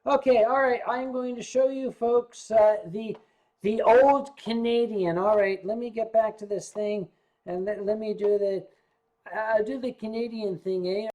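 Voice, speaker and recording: A man's voice: high voice, steady tone, a little slow, a little mellow. An older man hosting a livestream, tipsy from drinking and rambling along with stammers and swearing. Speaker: livestream host.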